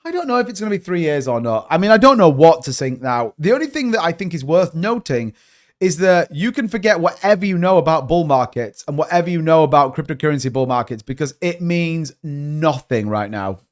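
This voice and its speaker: A man hosting a live stream, giving casual market commentary in an animated, joking way, repeating catchphrases. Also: on the high side, a little fast. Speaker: crypto channel host.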